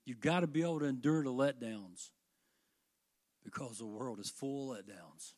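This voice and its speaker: A man's voice: medium pitch, normal speed, darkish tone. An older man preaching a sermon to his congregation, with fervent delivery that rises and falls. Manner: fervent, rising and falling delivery.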